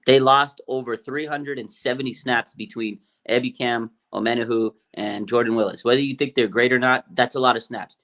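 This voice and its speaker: A man co-hosting a sports podcast, talking in a quick, animated and opinionated way with many fillers. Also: mid-range voice. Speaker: podcast co-host. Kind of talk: casual sports talk.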